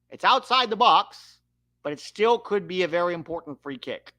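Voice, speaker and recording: A young man calling a match live for a watch-along, animated and quick to swear at the referee. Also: high voice, no room sound. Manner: animated, swears when riled, calls the play.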